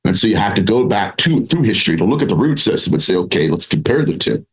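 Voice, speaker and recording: Lively low-voiced man in an interview. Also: fast talker, rough recording. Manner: animated, rambling with restarts, acts out quoted voices. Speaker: paranormal researcher and author, podcast guest. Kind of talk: conversational interview.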